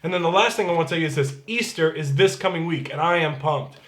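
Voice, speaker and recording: A man's voice: on the high side, fast talker, a bit bright, reverberant. A man serving as pastor, giving casual church announcements in an upbeat, chatty way and reading scripture aloud.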